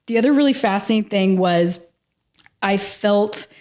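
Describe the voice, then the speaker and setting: A woman's voice: mid-range voice, moderate pace, darkish tone. A woman as a podcast guest, telling a personal story in an earnest, emotional way and saying "like" constantly. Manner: earnest and emotional, heavy use of "like". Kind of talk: casual interview storytelling.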